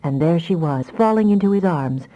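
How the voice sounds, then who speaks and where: Low, mellow woman audiobook narrator. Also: moderate pace, highs cut off. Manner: expressive storytelling.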